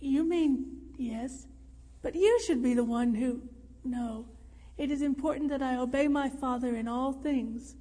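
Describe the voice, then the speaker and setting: A woman voicing a gentle, earnest, plain-spoken young man. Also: sits high, measured pace. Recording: reverberant room.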